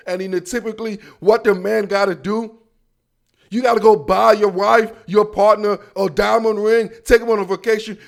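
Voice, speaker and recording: High-voiced, playful man hosting a football show. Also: vocal fry. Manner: playful, slangy, talks straight to listeners. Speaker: football podcast host. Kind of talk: casual sports commentary.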